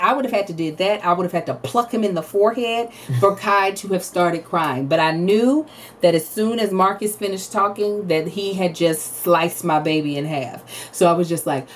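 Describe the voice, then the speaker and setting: A woman in her thirties co-hosting a podcast, telling animated family stories, acting out quotes and laughing often. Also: fairly low pitch, a little slow, distant mic. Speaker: podcast co-host. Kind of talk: casual chat.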